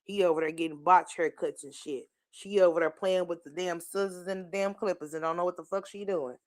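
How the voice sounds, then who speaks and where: A woman hosting a commentary stream, scolding and mocking someone with steady profanity. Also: fairly low pitch, a little fast, no room sound, clean studio sound. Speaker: commentary host.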